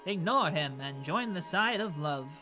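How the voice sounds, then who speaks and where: A man's voice: fairly high pitch, lively intonation, unhurried, over music. A man voicing a lovestruck inner voice that speaks in grand, florid declarations. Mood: grandiose. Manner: florid, theatrical.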